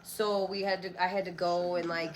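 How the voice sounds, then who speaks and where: A woman's voice: fairly low pitch, flat delivery, normal speed, very noisy. A woman in her thirties, a podcast guest talking candidly and bluntly, with rambling asides and frequent swearing. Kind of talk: candid casual conversation.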